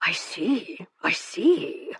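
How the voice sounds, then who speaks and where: A man's voice: high-pitched, very animated, drawn-out words, gravelly, a bit bright, slightly rough, dry recording, clean studio sound, heavily acted. A woman reading an audiobook, voicing a pompous, breezy upper-class army captain who blusters and drawls. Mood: shaken.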